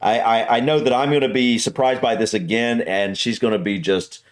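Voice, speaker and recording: An American man hosts a casual reaction video. He talks in an eager, rambling way with frequent restarts. His voice sits at an ordinary middle pitch. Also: steady tone, moderate pace. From United States. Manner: chatty, enthusiastic, rambling with restarts. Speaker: host.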